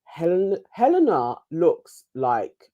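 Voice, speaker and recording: A woman's voice: fairly low pitch, huge pitch swings, slow pace, lo-fi sound. A woman co-hosting a casual chat, chatty and giggly, laughing often. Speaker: co-host reviewing a reality show.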